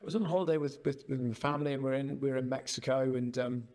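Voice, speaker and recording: A man hosting a casual interview, telling an animated story and acting out the voices in it. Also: medium pitch, quick pace. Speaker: podcast host.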